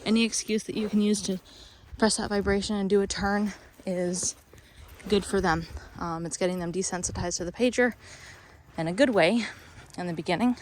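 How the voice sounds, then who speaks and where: A woman's voice: steady tone, normal speed, a little hiss or hum. Out-of-breath woman dog trainer explaining. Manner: explains while walking, breaks off to praise the dog in a high voice. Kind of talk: instructional training walk-through. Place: outdoors on a walk with a dog.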